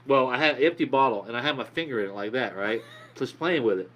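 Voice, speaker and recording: A man's voice: medium pitch, quick pace, fairly bright tone. Profane storyteller man. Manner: profane, rambling anecdote with acted quotes. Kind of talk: casual storytelling.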